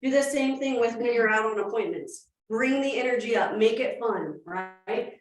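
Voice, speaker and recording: A woman in her thirties giving a lively real estate training talk to a room, asking questions as she goes. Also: fairly high pitch. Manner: fast-talking, energetic, asks the room questions. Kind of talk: live training presentation. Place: meeting room with audience. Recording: very echoey room, from a distance.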